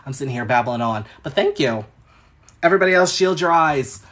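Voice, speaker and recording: A man's voice: fairly high pitch, animated, a little fast, fairly bright tone. A man giving astrology chart readings on a casual livestream, chatty and sassy with rambling asides.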